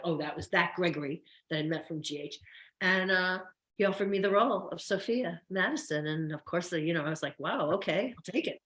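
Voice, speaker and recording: Older actress guest, chatty and effusive, low-ish voice, roomy sound. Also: female voice, a bit bright. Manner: chatty, effusive, frequent restarts. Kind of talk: casual interview chat. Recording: roomy echo.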